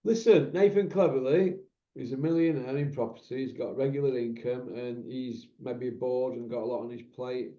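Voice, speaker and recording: A man's voice: medium pitch, normal speed. A man, hosting a casual chat and telling candid, rambling stories with banter. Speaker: podcast host. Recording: echoey room, dull lo-fi sound.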